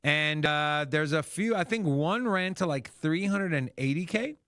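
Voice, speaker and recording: Crypto host dude, kinda high voice, hyped and cussing, super dry audio. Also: male voice, measured pace, no room sound. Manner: casual, excitable, swears freely. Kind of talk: livestream market commentary.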